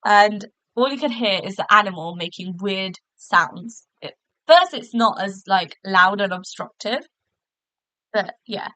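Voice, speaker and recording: A woman's voice: medium pitch, expressive, a little slow, bright, forceful tone, dry recording, low-quality recording. A woman hosting a podcast, chatting casually through a review with lots of fillers and restarts, recorded in a hotel room. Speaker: podcast host.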